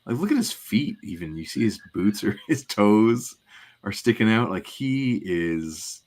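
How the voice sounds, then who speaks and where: A man co-hosting a podcast recaps scenes thoroughly and casually, wandering into asides and filling gaps with "um"s. His voice is on the low side and a little mellow, with big pitch swings and an unhurried pace.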